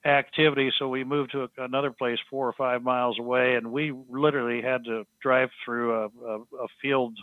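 A man telling a story as a podcast guest, halting with frequent restarts and fillers. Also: medium pitch, level tone, no echo. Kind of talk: storytelling in casual conversation. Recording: tinny phone-line sound, dry.

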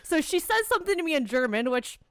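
A woman's voice: sits high, fast, no echo, studio quality. A young woman telling an annoyed story in casual chat, swearing freely. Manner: swears a lot, animated storytelling.

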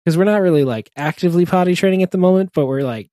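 A man and parent chatting casually, telling funny anecdotes in halting bursts, laughing often and breaking off mid-sentence. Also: sits high, warm tone, no echo, studio quality. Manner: chuckling, halting, self-interrupting anecdotes. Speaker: podcast co-host, parent. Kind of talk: casual chat, storytelling.

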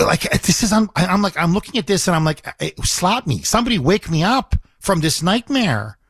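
A man's voice: high-pitched, fairly bright tone, dry recording, studio quality. A man hosting a talk radio show, talking emphatically and indignantly and repeating himself for emphasis.

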